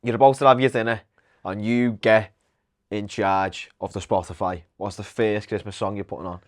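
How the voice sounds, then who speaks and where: A man, co-hosting a casual podcast, quick to laugh and leading with questions. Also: lowish voice, steady tone. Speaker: podcast co-host. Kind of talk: casual chat.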